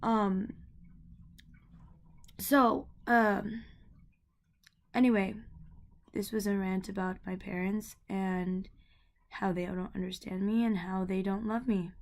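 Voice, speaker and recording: A woman's voice: mid-range voice, fairly even intonation, slow, gravelly, pauses often. A young woman ranting to the camera about her family, heated and rambling, with many fillers and repeated words. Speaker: vlogger. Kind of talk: emotional personal rant to camera.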